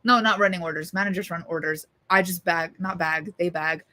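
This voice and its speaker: A woman's voice: lowish voice, fairly even intonation, brisk, sharp tone. A young woman vlogger talking casually to her camera, rambling, swearing and mocking herself.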